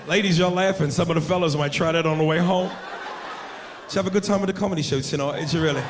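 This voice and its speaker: A man's voice: a little high, a crowd in the background, background noise. A man doing a crude, brash stand-up comedy set on a club stage with a handheld mic. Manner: crude, brash, rapid-fire jokes.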